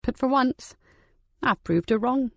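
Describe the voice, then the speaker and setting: A woman's voice: high-pitched, animated, a little slow, gravelly, a bit bright, no echo, voice pushed up, heavily acted. A woman voicing an older woman, a retired soldier turned gardener, reflective and dry-humored. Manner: dry, self-mocking, reflective.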